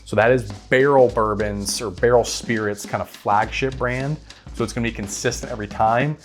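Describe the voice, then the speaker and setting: A man's voice: medium pitch, moderate pace. A man hosts a whiskey channel, giving casual bottle picks to camera and often asking "right?". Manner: relaxed, repeats words, says "right?" often. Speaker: whiskey reviewer and channel host. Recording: faint guitar music behind.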